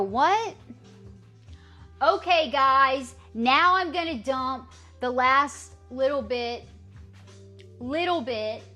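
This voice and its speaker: A woman with a high, bright voice and an American accent talks slowly and playfully to her live chat, testing out awkward French. Faint music plays behind her. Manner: playful, chatty, trying out clumsy French phrases. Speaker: livestreamer. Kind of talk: casual chat with live stream viewers.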